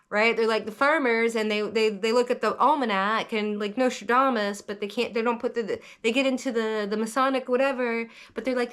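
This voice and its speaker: A woman from the American South who reads tarot, talking to camera in a rambling, animated vlog monologue, often cutting herself off mid-sentence. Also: a little high, moderate pace, clean tone. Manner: rambling, animated, self-interrupting. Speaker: tarot reader vlogger.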